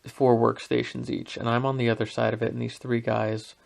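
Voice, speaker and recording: A young man on his podcast talks briskly in a flat, creaky, medium-pitched voice. He rambles casually through a story at his own expense, leaning heavily on fillers.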